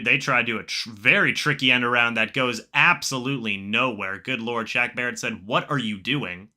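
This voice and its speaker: At home in front of the game, a man with a medium-pitched voice runs a live reaction stream, handling the play-by-play and talking with viewers. He jumps into excitement on each play, then mutters quiet asides.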